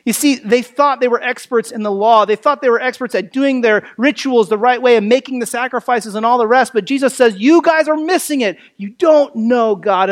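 High-voiced pastor preaching conversationally. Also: male voice. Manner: conversational, asks rhetorical questions; frequent fillers like "you know" and "right". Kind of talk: expository sermon.

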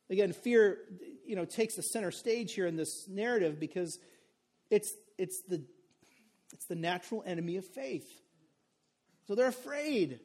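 High-voiced conversational male preacher. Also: darkish tone. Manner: conversational, frequent "okay?" and "right?" asides. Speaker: pastor. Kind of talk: sermon.

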